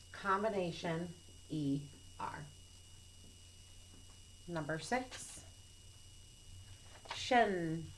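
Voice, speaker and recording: Slow, patient woman teaching phonics. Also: medium pitch, slight background noise, low-quality recording. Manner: slow, patient and clearly enunciated. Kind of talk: recorded phonics lesson for children. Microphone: camera mic.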